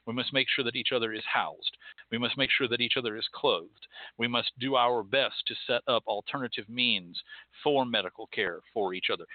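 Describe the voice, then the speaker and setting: A man's voice: mid-range voice, fairly quick, no room sound. A man with a Southern US accent hosting a call-in show, delivering a fiery, profane, rhetorical monologue full of repeated phrases. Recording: tinny phone-like dry sound.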